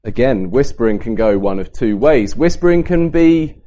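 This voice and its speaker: A man giving a Bible talk at a camp, lively and varying his pace and emphasis to make points. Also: medium pitch, moderate pace. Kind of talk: sermon to a youth camp.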